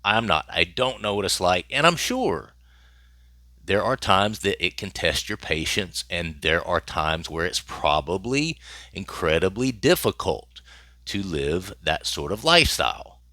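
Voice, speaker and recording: A man's voice: low-pitched, expressive, unhurried, sharp tone, no echo, clean studio sound. A man hosting his own channel, commenting on celebrity news in a casual, emphatic way and repeating phrases for effect.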